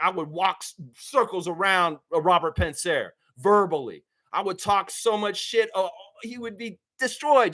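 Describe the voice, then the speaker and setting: A man hosting a live stream, talking casually and reading viewers' chat comments aloud, with blunt, profane opinions. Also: high voice. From United States. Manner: animated, profane, talks straight at viewers.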